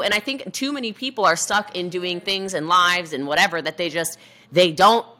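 A woman's voice: fairly low pitch, normal speed, bright, forceful tone. A woman talking with energy on a motivational chat show, emphatic and acting out quoted voices as she goes. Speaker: guest entrepreneur. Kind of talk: motivational conversation.

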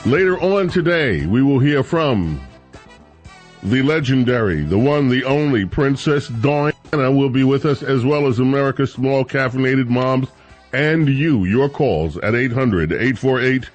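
A man hosting a weekend talk radio show, chatting casually and rambling with drawn-out emphasis into a studio microphone. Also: mid-range voice, expressive, faint music behind.

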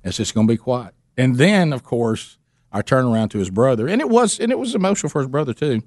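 A man's voice: mid-range voice, fast, dry recording. Give me a playful man hosting a talk radio show, acting out his stories, close and dry in the studio. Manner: playful, teasing, animated storyteller who acts out quotes. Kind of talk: casual on-air storytelling chat.

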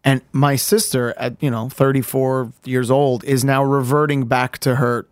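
A man on a podcast recounting a painful family story in a halting, candid way, restarting sentences and swearing casually. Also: medium pitch, level tone, dry recording. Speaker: podcast co-host.

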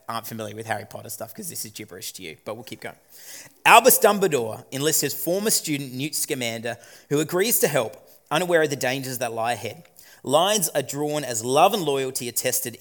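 A man giving casual, digressive film commentary in an animated, talkative way. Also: medium pitch. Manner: animated, digressive, quick asides.

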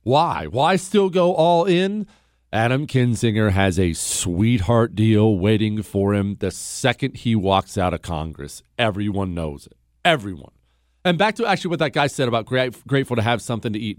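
A man's voice: lowish voice, dry recording, studio quality. A man hosting a call-in talk radio show, talking in a conversational, emphatic and opinionated way.

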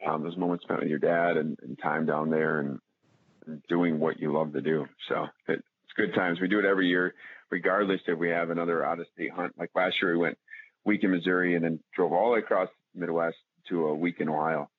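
A man with a low-pitched, husky voice talks fairly quickly, with no echo, over tinny phone-line audio. Guesting on a podcast, he tells hunting stories in a rambling, casual way, restarting often, using plenty of fillers and getting animated as he recounts them.

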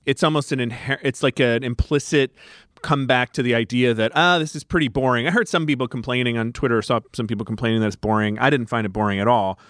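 A man's voice: mid-range voice, fast, no room sound, clean studio sound. A man co-hosting a podcast, chatting casually about films, musing and restarting his sentences. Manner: musing, restarts often, lively. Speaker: podcast co-host. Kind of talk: casual film discussion.

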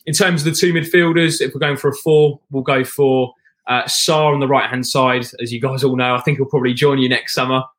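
A man talking as a guest in casual podcast chat, long-winded, with frequent restarts and throat clearing. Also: medium pitch, fairly even intonation, fairly quick, a bit bright. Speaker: guest football fan.

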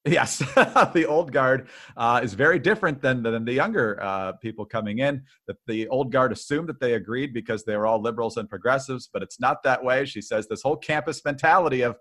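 A man co-hosting a political commentary podcast, speaking hesitantly with frequent filler pauses. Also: medium pitch, fairly bright tone. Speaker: podcast co-host.

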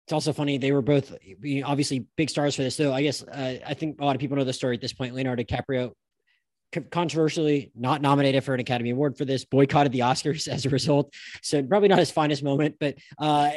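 Fast-talking man hosting a film podcast. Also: on the high side, a little mellow, no room sound. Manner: rambling, stop-start phrasing with many restarts. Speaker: podcast host. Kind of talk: casual film discussion.

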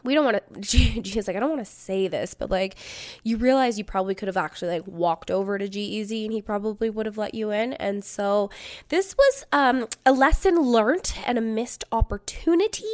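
A woman in her thirties telling a story casually, cursing freely and acting out the quotes as she laughs through it. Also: on the high side. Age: 30s. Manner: profane, animated, laughing retelling with acted-out quotes.

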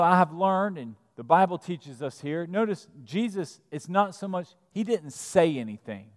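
A man preaching a sermon as pastor, reading scripture and explaining it, swinging between hushed asides and emphatic lines. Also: fairly high pitch, long reverb tail. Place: church sanctuary.

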